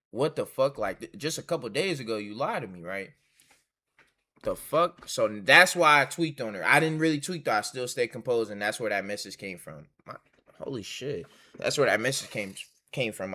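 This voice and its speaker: A man's voice: lowish voice, bright, forceful tone. A young man casually telling a storytime, reading old text messages aloud in a slangy, swearing, heated way. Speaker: storytime streamer.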